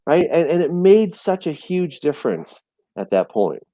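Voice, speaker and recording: A man in a casual Bible discussion, animated and storytelling, often repeating words as he restarts. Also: on the high side, moderate pace, dry recording. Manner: animated storytelling, acts out voices and quotes. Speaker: teacher of a Bible study show.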